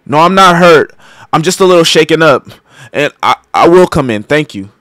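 A man's voice: a little high, animated, moderate pace, fairly bright tone, no echo, faint music behind. A young man giving casual, joking gameplay commentary, profane and improvising lines. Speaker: gaming streamer.

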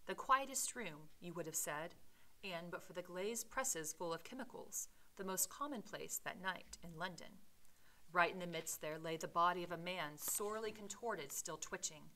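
A woman's voice: lowish voice, normal speed, sharp tone, rough recording. A woman teacher reading a classic novel aloud and voicing its dialogue with dramatic emphasis. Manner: casual explanatory asides with fillers. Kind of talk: read-aloud with commentary.

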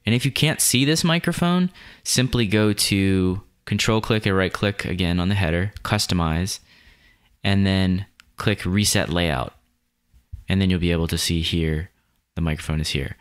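A man with a deep, low voice walks through a video editing tutorial. He explains each step in a relaxed, plain way, like a screen-recorded lesson. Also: normal speed.

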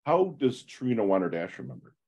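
A man hosting a podcast interview, enthusiastic and motivational, quick with effusive praise. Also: lowish voice, huge pitch swings, darkish tone, husky. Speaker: podcast host.

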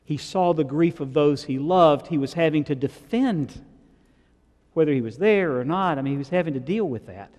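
A man's voice: on the high side, normal speed, a little mellow, long reverb tail. A man preaching a sermon, retelling scripture in a conversational way and asking the congregation questions. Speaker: pastor. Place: church sanctuary.

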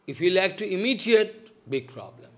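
Male preacher, high voice, lively swinging pitch, emphatic repeats. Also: normal speed. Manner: emphatic, repeats phrases, broken English. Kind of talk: sermon.

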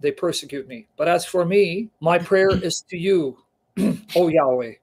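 A man's voice: fairly high pitch, a little slow, a little mellow, slight background noise. A man hosting a conversation who reads scripture passages aloud with emphasis and breaks off to ask his guest questions. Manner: fervent, emphatic reading aloud; checks in with questions. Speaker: host. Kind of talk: scripture reading with commentary in conversation.

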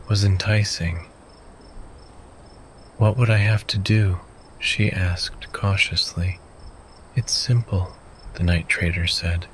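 A man narrating a sleep story in a calm, soothing way. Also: deep voice, a little hiss or hum, poor audio. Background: faint crickets and insects.

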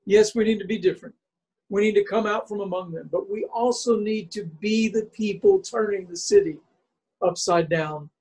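A man preaching a sermon as a bishop, building his points through chains of repeated rhetorical questions and slow, stressed phrases. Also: high voice, a little mellow, breathy edge, low-quality recording. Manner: emphatic pulpit delivery with slow stressed phrases.

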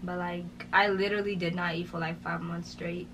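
A woman's voice: fairly low pitch, flat delivery, normal speed, background noise. A young woman talking casually in an interview, telling a personal story and quoting others, with many fillers. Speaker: vlogger telling her story.

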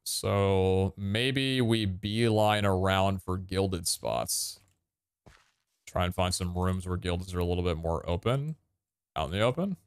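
A man giving casual gameplay commentary, excitable and swearing, with sudden loud outbursts and a voice that cracks. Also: low-pitched, measured pace, clean tone, no room sound. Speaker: gaming streamer.

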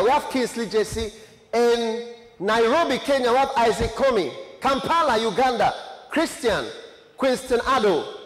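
A man preaching a sermon, reading out names and places with chatty asides. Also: very high voice. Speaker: pastor. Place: large church hall. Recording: echoey church hall reverb.

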